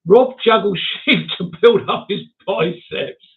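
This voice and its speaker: A man's voice: high-pitched, slow. An older man hosting a casual livestream chat, reading out viewer comments with chuckles and self-mocking asides. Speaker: livestream host. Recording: tinny phone-like sound.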